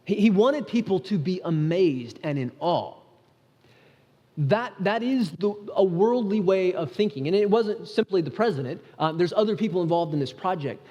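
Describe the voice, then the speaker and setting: The recording has its highs cut off and a long reverb from the church hall. A male pastor with a high, expressive, mellow voice preaches in the sanctuary at normal speed, earnest and conversational, often beginning sentences again.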